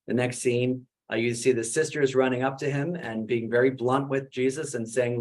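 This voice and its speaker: A man's voice: mid-range voice, normal speed, few pauses. Chatty man with many fillers. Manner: conversational, many "uh" fillers, animated questions. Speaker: Jesuit priest and author presenting his book. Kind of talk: webinar talk, storytelling.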